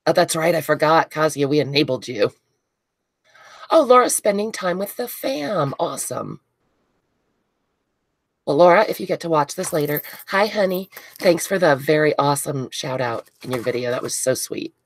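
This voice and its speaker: A woman with a low, stuffy, congested voice chats through a live crafting session. She greets viewers by name and gushes over pretty things as she unboxes them. The sound is close and dry, with no room around it. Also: lively intonation, moderate pace, no echo. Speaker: crafting livestream host. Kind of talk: casual live chat while crafting.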